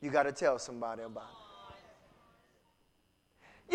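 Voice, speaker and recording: A man preaching a sermon as pastor, animated, swinging from loud cries down to low, quiet lines. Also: slow pace, long pauses. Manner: animated preaching, rising to shouts and dropping low.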